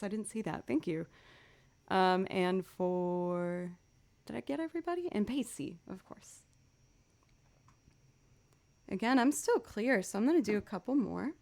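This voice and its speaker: A woman's voice: mid-range voice, a little mellow. A young woman, a musician on her livestream, chatting casually and upbeat while thanking viewers by name.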